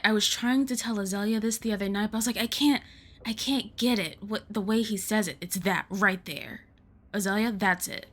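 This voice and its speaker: A young adult woman streamer giving casual, rambling commentary while playing a game, swearing freely as she talks. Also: medium pitch. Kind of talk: casual let's-play commentary.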